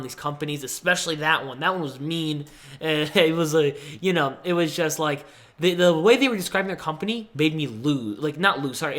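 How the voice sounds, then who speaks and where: A young man hosting a podcast, casually telling a personal story and acting out the people he quotes with big pitch jumps. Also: a bit bright. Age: young adult. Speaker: podcast host.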